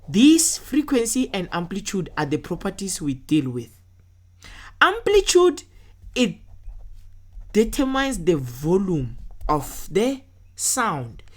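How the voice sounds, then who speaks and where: A woman, a science tutor talking step by step through worked test answers and checking in often with her listeners. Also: mid-range voice.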